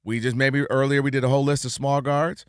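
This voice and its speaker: A man co-hosting a sports talk show, chatting casually and expressively and quick to laugh along. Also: mid-range voice, little pitch movement, clear, resonant tone, no echo, clean studio sound. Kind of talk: casual sports radio chat.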